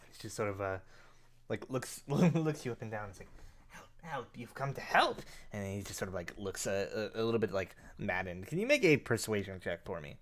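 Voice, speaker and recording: A man narrating a tabletop game as game master, halting with frequent fillers and restarts. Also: on the low side, sing-song. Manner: hesitant, many fillers and restarts.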